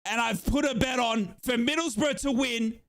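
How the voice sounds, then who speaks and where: Hoarse, tearful Australian man shouting. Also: extremely high pitch, normal speed. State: hoarse, crying. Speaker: fan watchalong streamer. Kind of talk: live fan watchalong reaction.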